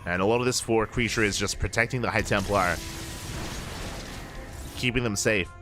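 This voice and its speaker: A man casting a live strategy game match with quick play-by-play, breaking into excited shouts at big plays. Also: on the low side, music in the background. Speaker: esports caster.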